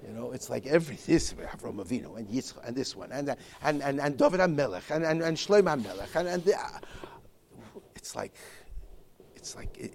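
A man teaching a Torah class in a halting way, restarting his sentences often and mixing Hebrew and Yiddish terms into his English. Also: on the high side, animated, creaky, slight background noise. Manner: halting, with many repeated restarts. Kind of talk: Torah lecture.

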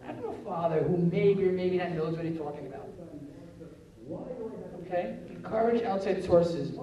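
A man giving a live talk on parenting, animated and acting out family scenes in quoted voices. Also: high voice, brisk, highs cut off, a crowd in the background. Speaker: parenting lecturer. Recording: roomy echo, speaker far from the mic.

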